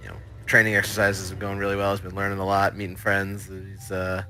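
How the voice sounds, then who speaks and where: Halting, bright-voiced male player. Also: low voice, completely flat delivery, soft background music. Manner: halting, laughing often. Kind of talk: tabletop role-play table talk.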